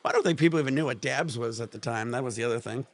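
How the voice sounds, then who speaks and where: A laid-back man chats on a livestream, rambling and laughing as he goes. His voice has a gravelly edge and sits at an average pitch. The sound is dry and close. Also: racing, no room sound. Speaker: livestream host. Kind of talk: casual livestream chat.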